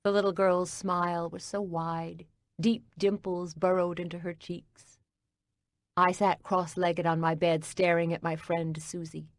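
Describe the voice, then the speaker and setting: A woman reading a cozy mystery audiobook as narrator, in a calm, even storytelling manner. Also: lowish voice, a little slow, no echo.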